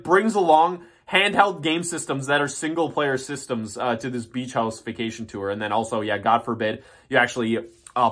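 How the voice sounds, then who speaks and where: A slightly high, somewhat bright-voiced YouTube commentator reads a list aloud in a scornful, foul-mouthed rant. He keeps veering into rambling side remarks and restarting his lines.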